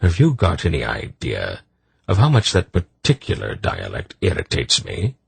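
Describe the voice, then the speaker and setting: A man voicing a stern old male sorcerer in an audiobook, firm and measured. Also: low-pitched, wildly swooping pitch, vocal fry, slightly rough, no room sound, exaggerated voice.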